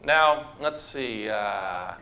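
A man's voice: fairly low pitch, expressive, drawn-out words, sharp tone, a little hiss or hum. A man preaching a sermon to a congregation, talking conversationally and asking the people questions. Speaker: pastor. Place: church with a congregation.

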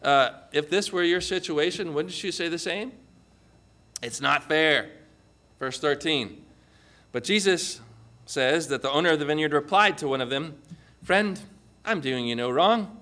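A man's voice: a little high, a little slow, long pauses. A man preaching a sermon, telling a story vividly and drawing his listeners in with questions. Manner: animated storytelling with vivid dramatizing. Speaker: pastor.

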